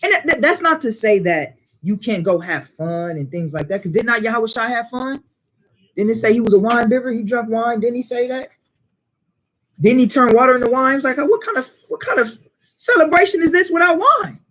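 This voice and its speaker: A man leading a Bible class, preaching in an animated way and firing questions at the listeners. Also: very high-pitched, a little fast.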